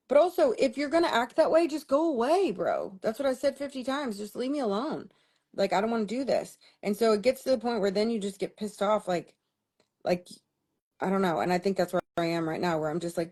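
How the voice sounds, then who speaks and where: A woman's voice: mid-range voice, animated, a little fast, a little mellow. A young woman telling a personal story on a livestream in a candid, exasperated way, swearing freely. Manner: candid, exasperated, profane venting. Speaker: vlogger.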